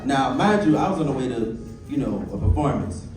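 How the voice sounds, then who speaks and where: Animated man doing stand-up in echoey club. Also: mid-range voice, a little fast, over music. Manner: animated storytelling, acts out quoted voices. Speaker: stand-up comedian. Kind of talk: stand-up comedy set. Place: comedy club stage. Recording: echoey venue, distant mic, loud crowd.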